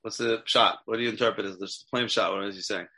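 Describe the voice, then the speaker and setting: A man's voice: on the low side, fairly even intonation, fast talker, bright, forceful tone, breathy edge. A man teaching a text class as a rabbi, asking his students questions and checking in with them often. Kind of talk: interactive Torah class.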